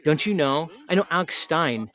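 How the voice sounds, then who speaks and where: A man's voice: on the high side, lively intonation, normal speed, fairly bright tone. A man doing an impression of a smug, self-important man who keeps asking "don't you know". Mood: boastful.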